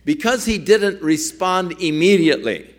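A man's voice: sits high, expressive, moderate pace. A male pastor preaching a sermon, telling a story earnestly and acting out its quoted dialogue.

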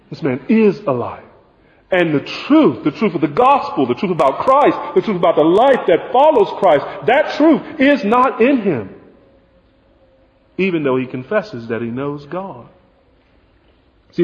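Preaching a sermon, a man uses a high voice full of animation, dropping to hushed lows and rising to forceful peaks. A long reverb fills the large hall, and the audio quality is dull and lo-fi.

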